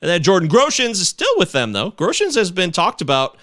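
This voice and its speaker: A man's voice: high voice, huge pitch swings, a little fast, fairly bright tone, dry recording, clean studio sound. A man co-hosting a casual sports podcast, jokey and self-deprecating as he talks. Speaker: podcast co-host. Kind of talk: casual chat.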